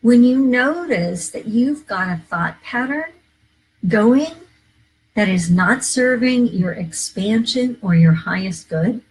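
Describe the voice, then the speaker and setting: A woman minister hosts a live inspirational talk in a slightly high, expressive, somewhat rough voice, speaking slowly on a low-quality recording. Earnest and coaching, she repeats key phrases to her viewers.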